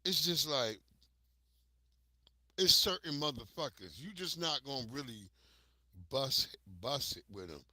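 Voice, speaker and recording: Forceful, profane American man telling stories. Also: mid-range voice, a little slow, pauses often, dry recording. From United States. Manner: profane, animated storyteller addressing viewers. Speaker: livestream host. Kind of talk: casual storytelling on a livestream.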